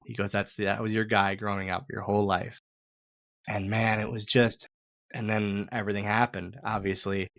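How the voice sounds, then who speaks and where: A man's voice: lowish voice, little pitch movement, moderate pace, vocal fry, a bit bright, no room sound, clean studio sound. Casual man telling a story. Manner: rambling, repeats words and swears casually. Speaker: podcast host, former wrestler.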